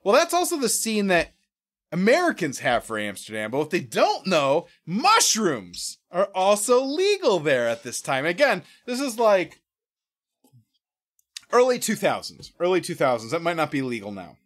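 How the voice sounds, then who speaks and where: A man with a high voice that swoops all over the place tells a story as a podcast guest. His delivery is animated and profane, and he keeps acting out other people's voices and his own past remarks. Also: moderate pace. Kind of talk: casual storytelling.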